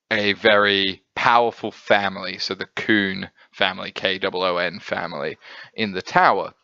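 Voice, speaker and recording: Bright-voiced man rambling through a review. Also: on the low side, clear, resonant tone, no room sound. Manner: rambling, enthusiastic, with many fillers. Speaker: manga and anime reviewer. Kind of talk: casual review monologue. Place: home setup, filmed at night. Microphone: camera setup. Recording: dull lo-fi sound.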